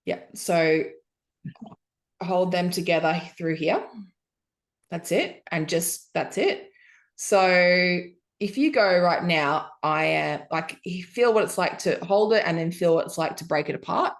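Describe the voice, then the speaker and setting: Woman business coach, lowish voice, upbeat, encouraging, chatty with fillers, one-on-one call. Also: a little slow, creaky.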